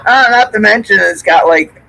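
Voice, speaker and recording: A man's voice: medium pitch, sharp tone, poor audio. A middle-aged man with a Newfoundland accent, chatting casually and swearing freely. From Newfoundland, Canada. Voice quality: gravelly, swears a lot. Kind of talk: casual chat.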